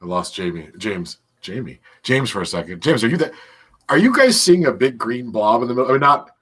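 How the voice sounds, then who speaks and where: Male podcast host, husky and bright, animated, joking, keeps things moving. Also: medium pitch, brisk. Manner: joking, moves the show along. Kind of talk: casual chat. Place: video call.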